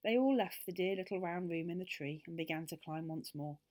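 A woman reads a children's book aloud, gentle and expressive as she carries the story along. Her voice sits a little low for a woman. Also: fairly quick.

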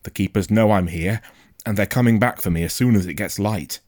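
An injured, gentle father , voiced by a male storyteller, who speaks calmly and reassuringly, with urgency underneath. The pitch is only slightly raised over a low voice. The sound is close and dry. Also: fairly quick, no room sound, lightly acted. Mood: urgent, pained.

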